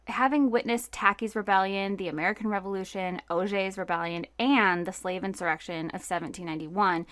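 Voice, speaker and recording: A woman hosts a history podcast, moving from read notes into loose chatty asides. Her voice sits at a middle pitch. The sound is dry and close, with no room around it. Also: fairly even intonation, brisk, hardly any pauses, fairly bright tone, no room sound. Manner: casual, reads notes then riffs with fillers. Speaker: podcast co-host. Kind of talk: conversational history podcast narration.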